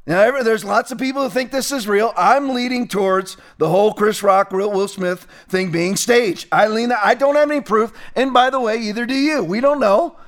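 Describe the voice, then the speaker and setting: A man's voice: high-pitched, normal speed, few pauses, a bit bright. A man hosting a political commentary show, talking emphatically and repeating phrases for stress.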